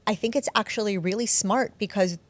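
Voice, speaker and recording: A woman's voice: medium pitch, brisk, dry recording. Candid, self-deprecating woman telling a story. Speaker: guest author. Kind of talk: casual interview chat.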